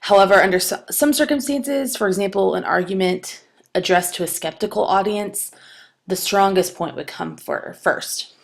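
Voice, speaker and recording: Gravelly-voiced woman teaching writing. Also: mid-range voice, moderate pace. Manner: explanatory, with fillers and restarts. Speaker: writing instructor. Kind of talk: recorded video lecture.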